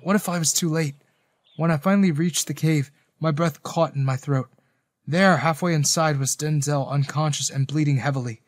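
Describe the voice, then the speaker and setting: A man's voice: fairly high pitch, moderate pace, no echo, clean studio sound. A man narrating a romance story in the first person, earnest and dramatic.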